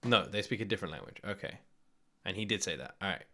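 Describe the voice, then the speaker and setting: British guy, anime reaction, lively and swearing, bright voice. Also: low-pitched. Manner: animated, swears freely, quick asides and laughs. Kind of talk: casual reaction commentary.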